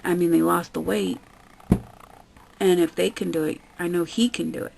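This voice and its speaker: A woman's voice: on the low side, fairly even intonation, moderate pace, gravelly, background noise. A woman vlogger ranting bluntly with lots of swearing, sounding fed up. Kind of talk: ranting commentary vlog.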